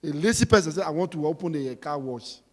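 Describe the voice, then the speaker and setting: A man preaching a sermon, emphatic and repetitive, swinging between shouting and quiet talk. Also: fairly high pitch, expressive, fast talker, in a large hall.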